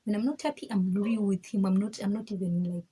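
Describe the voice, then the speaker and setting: A woman's voice: mid-range voice, steady tone, brisk, warm tone, slight background noise, low-quality recording. A woman giving a candid personal faith testimony, emphatic and frank, repeating herself and laughing between points. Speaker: vlogger sharing her faith testimony.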